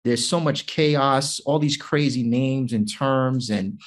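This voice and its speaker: A man's voice: mid-range voice, takes it slowly. A man co-hosting a tech podcast, talking casually and musing aloud with frequent fillers and restarts. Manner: musing, hesitant with many fillers. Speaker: podcast co-host.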